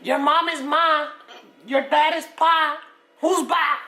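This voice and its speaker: A woman voicing a cheeky, teasing pig puppet in a kids' puppet show, joking slowly. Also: sits high, fairly even intonation. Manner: teasing, jokey, slow drawl. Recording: echoey room with loud noise.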